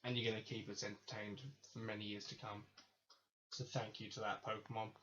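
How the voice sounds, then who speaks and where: A man's voice: on the low side, little pitch movement, brisk, a bit bright. A man hosting his own podcast, talking casually in a rambling, enthusiastic way that keeps correcting itself. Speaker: podcast host. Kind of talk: casual solo podcast monologue. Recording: slightly dull lo-fi mic with faint hiss.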